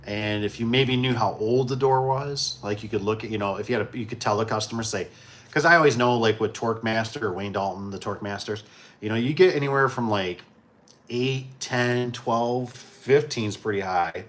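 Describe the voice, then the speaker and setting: A man from Michigan hosting a casual livestream, talking in a relaxed, rambling way and chuckling often. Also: mid-range voice, moderate pace. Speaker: livestream host.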